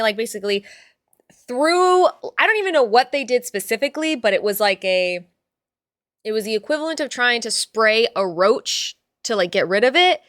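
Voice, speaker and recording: A woman hosting a casual stream, chatting with viewers in an animated, sweary way. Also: on the high side, no room sound, studio quality. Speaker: streamer host.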